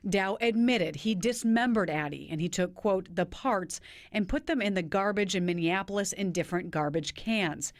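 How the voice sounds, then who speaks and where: A woman reporter narrating a television news story in a measured, even delivery. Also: on the low side.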